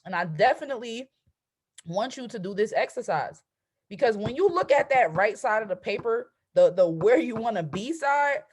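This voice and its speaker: An energetic woman coaching her audience in a casual, motivational talk. She keeps tossing out "right?" to pull listeners along. She slips into excited affirmations of gratitude as she goes. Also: fairly high pitch, normal speed. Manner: conversational, keeps asking "right?". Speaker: trading and mindset coach.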